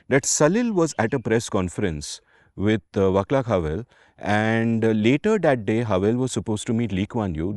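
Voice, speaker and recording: A man's voice: on the low side, a little mellow, dry recording, studio quality. A man with an Indian English accent co-hosting a podcast in a casual, digressive storytelling chat, swearing now and then and slipping into Hindi. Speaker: podcast co-host.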